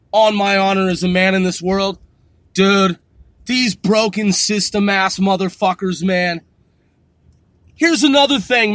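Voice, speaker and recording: A man podcasting, ranting angrily with lots of swearing and sudden loud outbursts. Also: high-pitched, dry recording. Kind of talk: profane rant.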